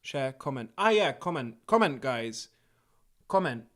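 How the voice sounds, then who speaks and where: A man's voice: mid-range voice, sing-song, a little slow, fairly bright tone. A man hosting a casual livestream concert from a living room, joking and rambling as he signs off. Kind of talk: casual chat. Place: living room music space.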